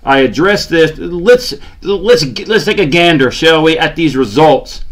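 Guy ranting after a loss, kinda high voice, groans a lot, sarcastic. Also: expressive, unhurried. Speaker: sports channel host. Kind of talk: ranting fan commentary.

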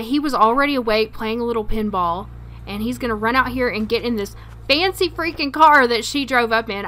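Bright-voiced woman chatting through her sim game, lots of ums and laughs, kinda high. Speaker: let's play narrator. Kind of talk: casual gameplay commentary.

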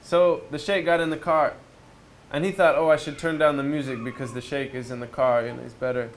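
A man's voice: fairly high pitch, steady tone, fairly quick, a little hiss or hum. A man giving a reflective spiritual talk at a retreat, storytelling conversationally and asking his listeners rhetorical questions. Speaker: speaker at a retreat. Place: outdoors near a river.

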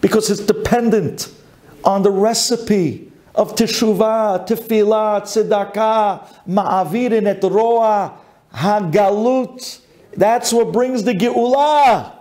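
A man, a rabbi, giving a dramatic storytelling sermon, chanting lists and swinging between high and low. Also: slow, darkish tone.

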